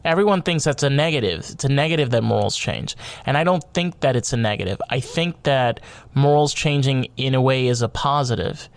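A man's voice: clear, resonant tone, no echo. A man hosting a podcast, giving a heated opinion monologue, rambling and restarting his words and swearing freely, his voice climbing when he gets worked up. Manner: grows loud and high-pitched when worked up. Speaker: podcast host.

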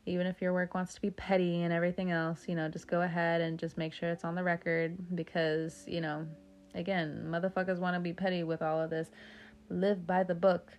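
This tarot reader is a young woman whose lowish voice moves little in pitch and runs a little fast. Her reading is casual and joking, full of profanity, with frequent wandering tangents.

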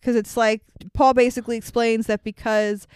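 Young woman podcast co-host, gushing and emotional, clear smooth voice, dry close sound. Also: a little high, little pitch movement, moderate pace, darkish tone, no echo. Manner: emotional, gushing, swears freely. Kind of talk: casual movie recap chat.

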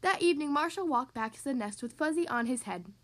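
A woman hosting a podcast, reading a picture book aloud to young children in a bright, expressive storytelling manner. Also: sits high, fast talker. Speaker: podcast host reading to kids.

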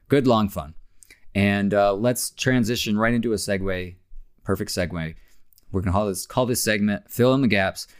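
A man co-hosting a casual sports podcast, talking in a relaxed, chatty way with many fillers. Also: low voice, clean tone. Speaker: podcast host.

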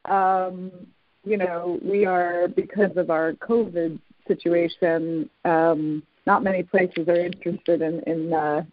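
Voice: medium pitch, level tone, no room sound. Host chatting over a call, lots of ums and restarts, tinny phone sound, dry. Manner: halting, many fillers and restarts. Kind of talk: casual conversation over a call.

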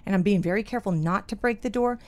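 A middle-aged woman hosting a casual talk show, telling stories with lively acted-out quotes. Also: mid-range voice, fast. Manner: animated storyteller, acts out quotes with big laughs. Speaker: radio show host. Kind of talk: casual chat.

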